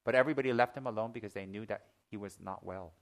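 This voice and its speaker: A man teaching as a Buddhist teacher in a Dharma talk, mixing teaching with lively personal stories, joking asides and acted-out gasps. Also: fairly low pitch, quick pace. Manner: lively storyteller, acts out gasps and shouts.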